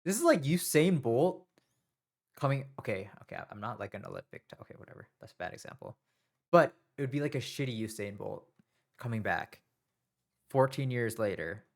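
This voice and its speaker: A man's voice: mid-range voice, expressive, a little fast. Nervous rambling young man streaming. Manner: nervous, rambling, self-mocking. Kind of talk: casual live-stream talk.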